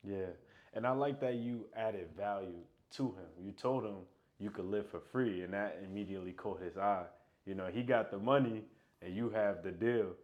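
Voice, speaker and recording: Low voiced guy hosting a chill interview, quick encouraging replies. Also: muffled recording. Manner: brief encouraging responses. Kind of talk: casual interview.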